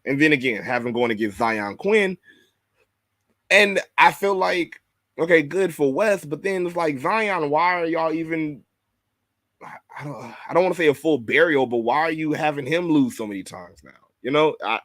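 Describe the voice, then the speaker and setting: Guy hosting a podcast, rambly and swears a lot, dry close sound, kinda mid-pitched. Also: normal speed, fairly bright tone, dry recording. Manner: rambling, profane, repeats himself; laughs often, reads viewer comments aloud. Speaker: podcast host. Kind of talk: casual review chat.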